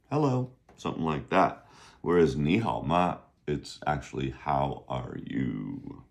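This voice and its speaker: A middle-aged man teaching a casual video lesson on Chinese, chatty and rambling, often checking in with "right?". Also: a bass voice.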